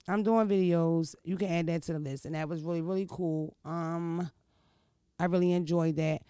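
A woman, hosting a podcast and telling stories in a brash, profane, animated way. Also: low-pitched, normal speed, dry recording, studio quality. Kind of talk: casual storytelling chat.

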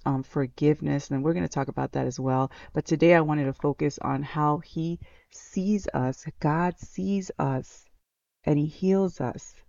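A man's voice: on the high side, gravelly, mellow, no room sound. A man hosting a devotional podcast, reflecting on a Bible passage in an earnest way, repeating key phrases with many fillers and restarts. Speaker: podcast host. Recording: dull, lo-fi, dry sound.

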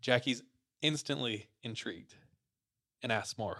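A man hosting a podcast, casually retelling a listener's ghost story to his co-hosts in a relaxed, slangy way. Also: medium pitch, moderate pace. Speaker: podcast host.

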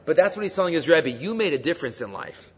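A man teaching a Torah class as a rabbi, telling stories and explaining texts in a lively way. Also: on the high side, quick pace, husky. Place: classroom with handouts. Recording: dull lo-fi recording in a reverberant hall.

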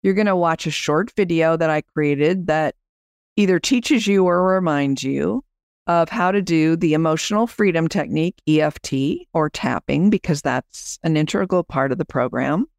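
A woman's voice: deep voice, normal speed, creaky, a little mellow, no echo, studio quality. A woman podcast host and business coach, chatting as she explains her program and guides listeners through an exercise.

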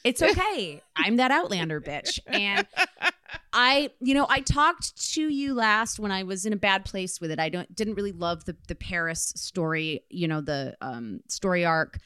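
A woman co-hosting a podcast in casual chat, excitable and gushing, swearing freely. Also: mid-range voice, normal speed, clear, resonant tone, no echo, studio quality. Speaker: podcast co-host.

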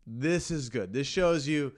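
Animated former college football player. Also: male voice, mid-range voice. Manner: animated, opinionated, quick interjections. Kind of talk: casual sports chat over wine.

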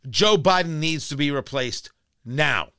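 A man's voice: fairly high pitch, animated, measured pace, sharp tone, smooth, no echo. A man hosting a talk radio show, delivering an emphatic, combative monologue into a studio microphone.

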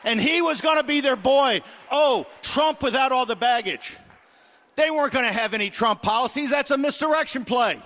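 A middle-aged man hosting a political talk show, ranting combatively and shouting in bursts. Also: extremely high pitch, lively intonation, moderate pace. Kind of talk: fiery political rant.

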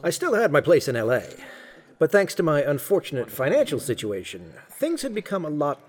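A man's voice: fairly high pitch, wildly swooping pitch, fairly quick. An actor playing a cocky male card hustler who narrates with a wry, sardonic tone and puts on a fake Australian accent at the table. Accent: fake Australian put-on over American. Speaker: narrator and poker player. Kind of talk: scripted audio drama.

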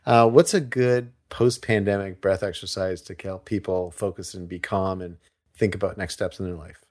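A man's voice: low-pitched, steady tone, normal speed, a little mellow, no echo, clean studio sound. A man hosting a podcast, chatting casually and reacting with easygoing curiosity. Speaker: podcast host. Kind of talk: casual chat.

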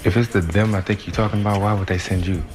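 A man's voice: on the low side, steady tone, quick pace, lightly acted. An actor playing a wary, guarded man in a film scene. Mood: suspicious. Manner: suspicious, guarded. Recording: film audio with music.

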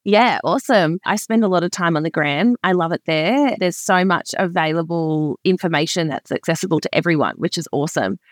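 A woman's voice: fairly low pitch, lively intonation, a little fast, few pauses, no room sound, clean studio sound. A woman who is a pediatric nurse, speaking as a guest on a podcast in an upbeat, friendly way. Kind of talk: podcast interview.

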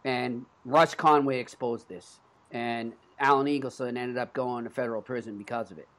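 A man with a Boston accent hosts a sports podcast in a loose, casual way. He rambles, restarts his sentences often and fills pauses as he goes. His voice sits at an ordinary middle pitch. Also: fairly even intonation, a bit bright. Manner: rambling, with frequent restarts and fillers. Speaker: podcast host. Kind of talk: casual chat.

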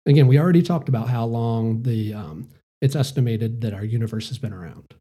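A man's voice: medium pitch, brisk, mellow, husky. A man hosting a solo podcast, talking in a casual, rambling way with many fillers. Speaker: podcast host.

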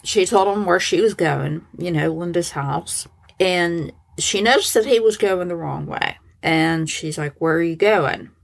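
Low-voiced woman telling a crime story. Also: unhurried, gravelly. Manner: conversational, lots of "like" and "so he goes". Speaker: true crime podcast host. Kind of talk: casual storytelling narration.

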